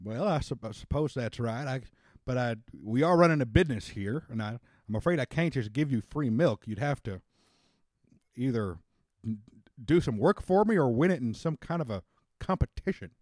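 Here's a fussy little soda clerk with no chin, as a man puts him on, talking slow and prim and proper, mid-pitched man's voice, nice and dry with no room sound at all. he's polite and careful the whole way through, like a nervous shopkeeper. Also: lively intonation, darkish tone, no room sound, lightly acted.

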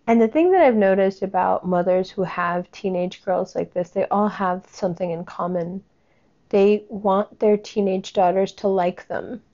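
A woman's voice: medium pitch, measured pace, dark tone, lo-fi sound. Blunt, profane woman ranting. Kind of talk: casual commentary rant.

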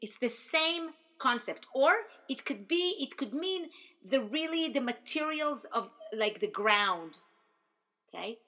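A woman with a bright, fairly high voice teaching a casual lesson. She talks in a friendly, chatty way, asks questions and has her listeners repeat words after her. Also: expressive, slow pace. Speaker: Torah teacher. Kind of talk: casual spoken lesson to an audience.

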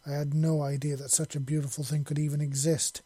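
A man voicing a haunted, remorseful alien judge, husky and flat. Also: a little high, fairly quick, no room sound. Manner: broken, pleading.

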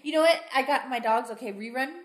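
A woman in her thirties chatting as a guest, bouncing from story to story with quick jokes. Her voice sits a little high and she talks very fast. The room around her sounds echoey. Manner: animated storytelling, quick joking. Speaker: podcast guest. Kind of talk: casual chat. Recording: roomy studio sound.

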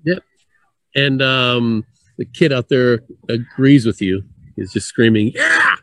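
A man in a relaxed, chatty conversation about wine, laughing lightly between points. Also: medium pitch, slow pace, a little hiss or hum. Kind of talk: casual conversation.

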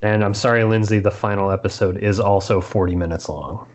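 A man with a fairly low voice talks as a guest on a casual podcast. He gives upbeat, easygoing summaries. His manner is relaxed and friendly. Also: brisk.

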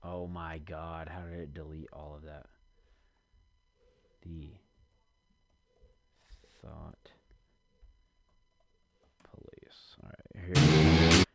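A man's voice: rumbling low, flat delivery, slow pace, pauses often. A man rambling casually to himself and his audience from his basement, cursing often and muttering while he searches for something.

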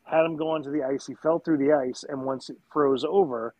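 A man's voice: a little high, steady tone, a little fast, a little mellow, dry recording, rough recording. A man co-hosting a casual movie review podcast, explaining film lore with eager restarts. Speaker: podcast co-host.

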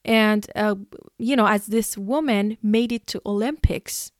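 A woman's voice: medium pitch, a little slow, no room sound, studio quality. Exasperated Iranian-born woman vlogger. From Iran. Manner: emotional, exasperated, with sighs and laughs. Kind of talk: personal opinion monologue.

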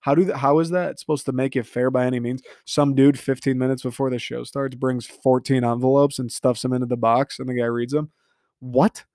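Young male sports host, solo rant, fed-up and cursing, mid-pitched voice, dry close mic. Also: flat delivery, a little fast, a little mellow, no echo. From Detroit area, Michigan. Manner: frustrated, profane, rambling.

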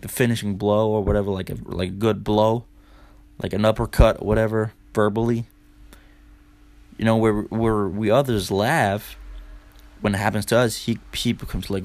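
A man's voice: on the low side, darkish tone. A young man hosting a podcast, telling a loose, profane story in casual talk, full of "dude" and "like". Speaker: podcast host.

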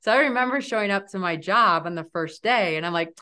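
A woman in her forties, a guest on an interview podcast, telling stories in an animated, lively way. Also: medium pitch, brisk, clear, resonant tone. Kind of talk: storytelling in an interview.

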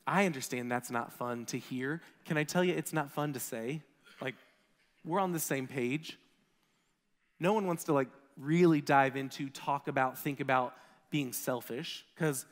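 A man in his thirties, a pastor giving a conversational sermon, animated as he tells stories about his kids. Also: fairly high pitch, big-room sound. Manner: conversational, animated storytelling with acted quotes.

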